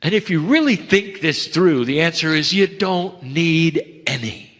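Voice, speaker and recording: Gentle man channeling in a reverberant hall. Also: fairly high pitch, animated. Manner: gentle, measured, emphatic pauses; addresses listeners as dear ones. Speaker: spiritual channeler. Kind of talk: channeled spiritual message to an audience.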